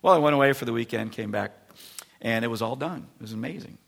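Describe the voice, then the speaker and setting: A male pastor delivers a sermon in a fast, gravelly, medium-pitched voice. He tells stories with animation, acting out the voices of the people in them.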